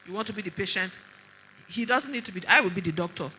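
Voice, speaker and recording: A middle-aged woman with a Nigerian accent speaks at a women's conference with a bright, forceful voice. She tells stories animatedly and presses her points with sharp rhetorical questions, a doctor addressing the room. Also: medium pitch, expressive, fast talker, a little hiss or hum, low-quality recording. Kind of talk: conference talk.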